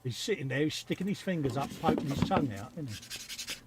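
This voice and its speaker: A man's voice: a little high, lively intonation, fairly quick. A middle-aged man co-hosting a live stream, bantering dryly and reading out chat messages. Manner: dry joking, reads chat aloud. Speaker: co-host of a live hobby stream. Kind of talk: casual banter.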